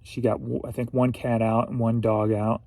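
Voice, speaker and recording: A man's voice: mid-range voice, level tone, normal speed, dark tone, no echo. A man from St. Louis, Missouri, rambling through a casual solo reseller vlog, chatty and at times emotional. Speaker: reseller vlogger.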